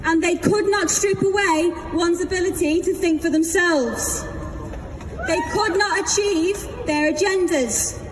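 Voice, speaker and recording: Very high-voiced woman rallying a crowd. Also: a little slow. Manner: defiant, rousing. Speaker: protest speaker. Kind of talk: rally speech. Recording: roomy PA sound with crowd noise. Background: crowd and noise.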